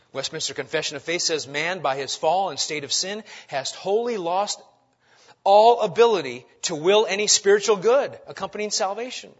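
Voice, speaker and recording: A man preaching a sermon, asking rhetorical questions and swinging between loud emphatic lines and quiet asides. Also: high-pitched, lo-fi sound. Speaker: pastor.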